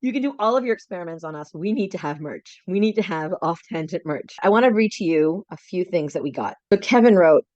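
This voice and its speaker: An enthusiastic woman co-hosts a casual chat over a video call. Her voice sits fairly low and sounds close and dry. The call audio comes through a little dull and lo-fi. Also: expressive, fairly quick, few pauses, a little mellow, no room sound. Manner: enthusiastic, laughs often. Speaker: podcast co-host.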